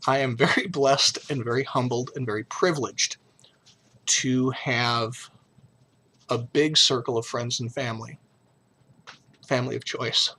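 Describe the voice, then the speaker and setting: A man's voice: medium pitch, pushed and bright. A middle-aged man talking frankly and emotionally in a personal vlog, blunt and profane but earnest. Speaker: vlogger.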